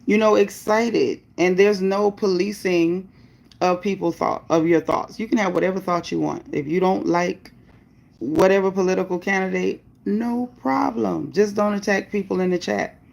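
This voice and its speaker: A woman's voice: mid-range voice, steady tone, normal speed, vocal fry, darkish tone. A woman hosting a livestream, reading viewer comments and speaking bluntly about her opinions and chat rules. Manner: greets viewers by name, upbeat bursts. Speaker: livestream host.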